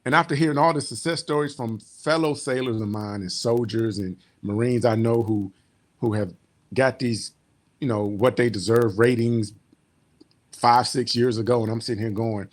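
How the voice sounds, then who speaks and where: A man's voice: mid-range voice, normal speed. Heartfelt man telling his story. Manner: rambling and heartfelt, trailing off quietly. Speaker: military veteran giving a client testimonial. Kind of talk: personal testimonial storytelling.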